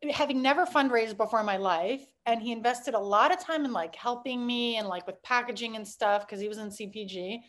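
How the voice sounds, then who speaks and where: A woman's voice: a little high, a little fast, hardly any pauses, fairly bright tone. A woman founder telling her story in a casual interview, chatty and full of fillers, laughing often. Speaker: startup founder, guest.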